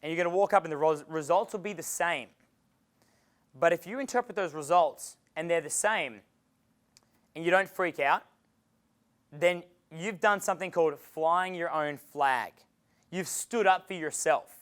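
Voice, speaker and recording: A man with an Australian accent giving a live dating-coach seminar in a room with an audience, animated and swearing freely as he acts out dialogues. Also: a little high, normal speed, long pauses, clear, resonant tone.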